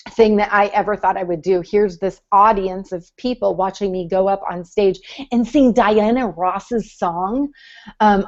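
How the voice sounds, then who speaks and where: A woman's voice: mid-range voice, a little mellow, highs cut off. A woman co-hosting a casual group chat, talking in a chatty, encouraging way with many fillers. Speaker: podcast co-host.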